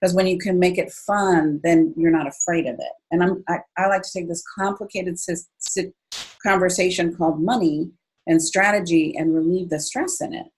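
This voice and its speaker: A woman in her fifties, a guest in an interview, telling her story in an expressive way and jumping up high when she quotes herself. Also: moderate pace, husky, rough recording. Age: 50s. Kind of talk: conversational storytelling.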